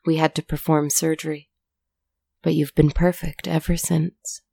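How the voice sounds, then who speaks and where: A woman's voice: sits low, flat delivery, a little slow, gravelly, warm tone, slightly rough, dry recording, exaggerated voice. A woman voicing a mother who is a scientist, stern and tearful, in a storybook reading. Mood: tender. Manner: pleading, then stern.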